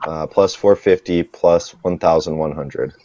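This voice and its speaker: A man running a tabletop game as game master, unhurried as he narrates and tallies rules and experience points. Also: low voice, steady tone, dark tone, slight background noise. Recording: dull lo-fi dry sound.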